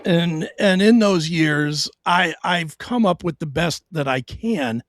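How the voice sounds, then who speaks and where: A man's voice: a little high, lively intonation, takes it slowly, dry recording, clean studio sound. A middle-aged man on his own show, telling a hard personal story bluntly and profanely, with stammered restarts.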